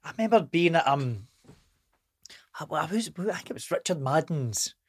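A Scottish man in casual podcast chat, enthusiastic and quick to agree with the other speaker. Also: fairly high pitch, very animated, slightly rough. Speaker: podcast guest. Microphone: studio microphone.

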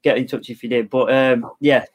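A man co-hosting a podcast in casual chat, easygoing and agreeable, quick to chime in. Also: mid-range voice, steady tone, slight background noise. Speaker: podcast co-host.

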